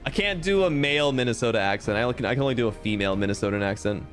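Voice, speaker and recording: A man streaming a game, chatting casually with animated, jokey, sometimes crude asides over faint game music. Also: mid-range voice, racing. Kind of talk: casual let's-play commentary.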